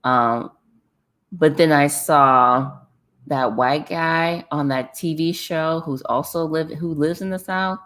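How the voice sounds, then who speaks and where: Woman, low voice, casual livestream host, reads viewer comments, animated, laughs a lot, repeats phrases. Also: slow. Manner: chatty and animated, laughs often, repeats herself for effect. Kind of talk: casual chat.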